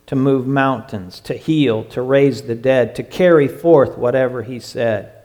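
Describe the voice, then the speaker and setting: Man, preacher, slow and deliberate, fairly high voice, emphatic, long hall echo. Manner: emphatic, drawn-out phrases, drops to a hush. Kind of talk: sermon.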